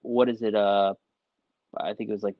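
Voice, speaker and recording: A man's voice: on the low side, flat delivery, normal speed, no echo, lo-fi sound. A man co-hosting a sports podcast, giving casual analysis in a hesitant way, leaning on "I mean" and "I think". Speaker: podcast co-host.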